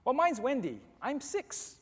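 A man voicing a persistent, cheerful six-year-old girl in a spoken story, with a high, bright, giggly manner. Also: huge pitch swings, measured pace, breathy edge, full character voice. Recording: long hall reverb with soft music.

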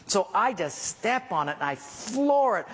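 In a church hall, a middle-aged pastor with a high, slightly rough voice speaks a little slowly, telling a self-mocking story in his sermon. He's animated, acting out the voices in his stories. The hall is reverberant, with faint background hiss.

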